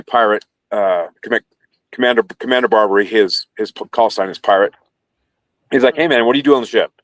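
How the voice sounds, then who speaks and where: Low-voiced man telling a story, dry sound. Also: no room sound. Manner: rambling, self-correcting, laughs while telling. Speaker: podcast guest, former carrier sailor. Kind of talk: casual storytelling interview.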